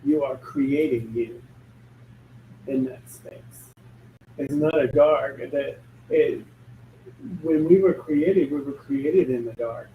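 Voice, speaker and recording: A man's voice: mid-range voice, slow, long pauses, phone-quality sound. Emphatic man talking spirituality, echoey and distant. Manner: emphatic, blunt and joking. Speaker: spiritual medium. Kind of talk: casual spiritual talk. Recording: echoey room, distant mic, faint noise.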